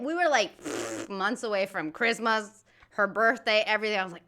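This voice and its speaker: A woman's voice: medium pitch, brisk, bright, forceful tone. An American woman hosting a reaction video, chatting casually with a rambling, laugh-filled manner.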